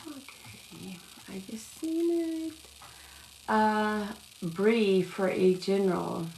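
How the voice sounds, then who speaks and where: She's a tarot reader doing a relaxed live stream, rambling along and calling people "love" and "sweetheart." Her mid-range voice is gravelly and darkish, and she draws out her words. The recording echoes, with faint noise behind her.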